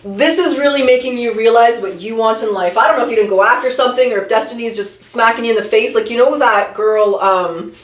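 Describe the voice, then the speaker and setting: A woman's voice: fairly high pitch, fast, echoey room. A woman giving a casual tarot reading and talking straight to the viewer, often trailing off and restarting her sentences. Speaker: tarot reader.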